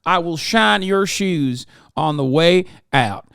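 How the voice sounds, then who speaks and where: A whiny, bootlicking senator squeals his servility in a high, strained voice, every word dripping with exaggerated subservience, as a streamer puts him on. The voice is smooth and close, with no room sound behind it. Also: animated, slow pace, fairly bright tone, no echo, full character voice. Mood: groveling. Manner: shrill mocking parody, strained and exaggerated.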